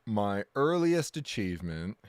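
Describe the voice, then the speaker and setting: In a clip with no echo, a man whose lowish voice moves through big pitch swings speaks at a measured pace. He's casually chatting on a live game stream, meandering and repeatedly restarting or correcting himself, with jokey, exaggerated self-deprecation throughout.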